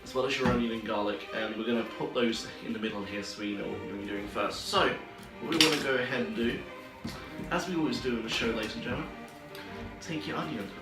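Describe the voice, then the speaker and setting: A man hosting a comic cooking video, talking loudly and excitedly as a playful showman. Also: medium pitch, quick pace. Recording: roomy echo, distant mic, music behind.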